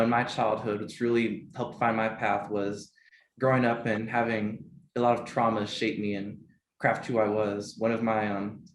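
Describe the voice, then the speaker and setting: A man, a participant at an online event, sharing a personal story. He sounds emotional and close to tears, and he speaks haltingly as he searches for words. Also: fairly low pitch. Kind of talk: personal testimony. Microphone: video call. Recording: echoey room with faint noise.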